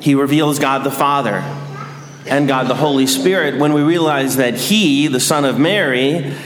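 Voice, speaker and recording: A man giving a sermon as a priest, measured and dryly humorous. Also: mid-range voice, slight background noise. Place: large church. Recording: echoey church hall.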